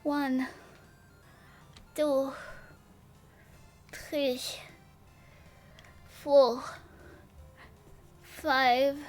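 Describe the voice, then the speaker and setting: High-voiced sleepy woman streamer, slow-spoken. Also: flat delivery, a little mellow, faint music behind. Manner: silly, playful, rambling with nonsense rhymes; counting dumbbell lifts aloud. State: sleepy, yawning. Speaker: vtuber streamer. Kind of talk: casual late-night livestream chat.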